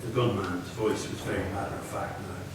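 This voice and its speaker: A Northern Irish man in his sixties from Belfast, an author reading his fiction aloud in a measured, low-key way. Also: fairly even intonation, very noisy. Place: lecture hall at a reading event. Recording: echoey hall, from far off.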